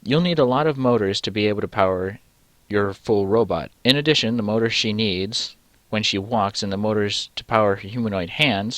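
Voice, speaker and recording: The recording is dry: a young male let's-play host with a fairly low, slightly bright voice reads through a choose-your-own-adventure game. He talks his way through the choices, stopping himself partway through sentences and cursing casually.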